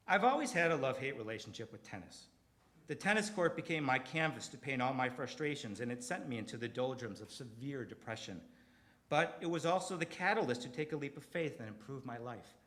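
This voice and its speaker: Animated middle-aged man telling a stage story. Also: mid-range voice. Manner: confessional, swings from quiet to loud and emphatic. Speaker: comedy writer performing a personal story. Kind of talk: storytelling stand-up set. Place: theater stage.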